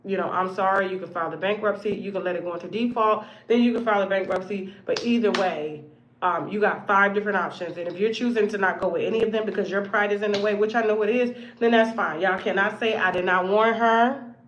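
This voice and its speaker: A woman hosting her own show, giving blunt, profane commentary in a casual monologue that swings between loud outbursts and hushed asides. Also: medium pitch, fast, slight background noise. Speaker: show host.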